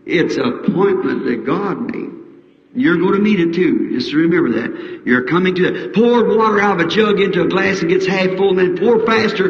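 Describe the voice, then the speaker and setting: Middle-aged American man, revival preacher, folksy, fervent, fairly high voice, echoing hall, dull old recording. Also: creaky, slight background noise. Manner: folksy, fervent, rising to high emotional peaks. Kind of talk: revival sermon. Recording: 1960s archive tape in an echoey hall.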